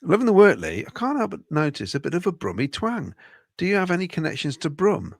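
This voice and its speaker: Fast-talking and gravelly, this Coventry-accented man from the Midlands has a high-pitched voice that swoops wildly as he co-hosts a casual football fan podcast. He reads out viewer comments and adds chatty asides. The recording is clean studio sound with no room tone.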